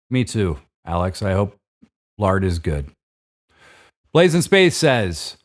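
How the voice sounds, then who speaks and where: A man hosting a live show, reading listener writings aloud in a relaxed way, with fillers and stumbles over names. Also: on the low side, slow pace, long pauses. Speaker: host.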